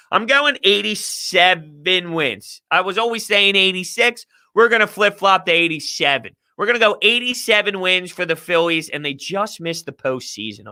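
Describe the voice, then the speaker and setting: High-voiced guy hosting a sports talk stream, super bright cutting tone, ranty and opinionated. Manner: animated, opinionated ranting.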